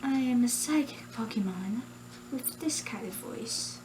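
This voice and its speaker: A woman voicing a small, mysterious psychic cat creature in a soft, breathy, half-whispered voice. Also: on the high side, animated, measured pace, background noise.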